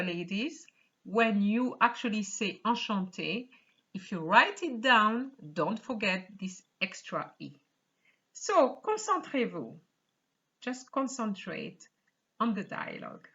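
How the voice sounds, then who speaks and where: A woman teaching a beginner language lesson online, explaining slowly and carefully, repeating points and quizzing the viewer. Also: medium pitch, fairly bright tone, muffled recording. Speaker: French teacher.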